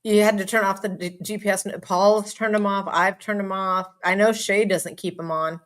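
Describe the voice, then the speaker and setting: A bubbly, hyper woman hosts a casual live stream from home, chatting with viewers and reading their comments aloud. Her voice sits at a middle pitch, and she bounces between quick asides and easy laughs. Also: fairly even intonation.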